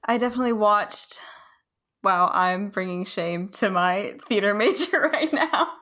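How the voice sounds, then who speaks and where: A woman's voice: mid-range voice, lively intonation, unhurried, pushed and bright. A woman playing in a trivia game who is friendly and self-deprecating in casual banter. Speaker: quiz contestant.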